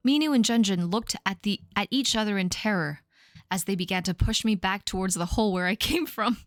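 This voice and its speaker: A woman in her thirties reads her old fan fiction aloud on a live stream. Her voice is animated, with wide pitch swings and squeaky sound effects. Faint music plays underneath. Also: dry recording. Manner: self-mocking, laughing, jumps into squeaky sound effects and voices. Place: home streaming setup.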